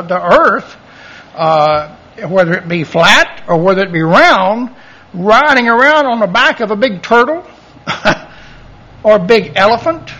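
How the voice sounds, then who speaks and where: Gravelly preacher, folksy. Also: male voice, high voice, pushed and bright, muffled recording. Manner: folksy, conversational preaching with chuckles and acted-out dialogue. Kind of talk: sermon.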